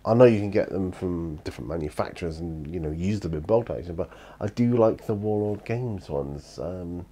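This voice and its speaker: British male hobby vlogger, low and mellow, tired, rambling chat. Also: moderate pace, few pauses, breathy edge. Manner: rambling, chatty, with many fillers and restarts. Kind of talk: casual chat. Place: hobby room at home.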